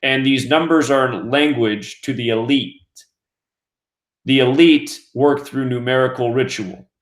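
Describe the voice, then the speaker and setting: A man from the United States hosting a news commentary show, giving an earnest, steady, scripted monologue. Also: medium pitch, a little slow. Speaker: host of a conspiracy news channel. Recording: roomy echo.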